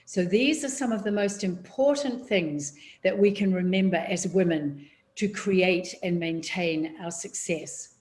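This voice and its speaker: Measured New Zealand woman coaching. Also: fairly low pitch, darkish tone, slight background noise. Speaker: public speaking coach. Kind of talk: online workshop talk. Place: home office, seated on a chair. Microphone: video call.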